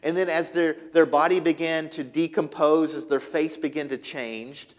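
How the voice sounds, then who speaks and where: Male pastor, sermon, dramatic storytelling, loud to hushed, fairly high voice, long church reverb. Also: steady tone, normal speed.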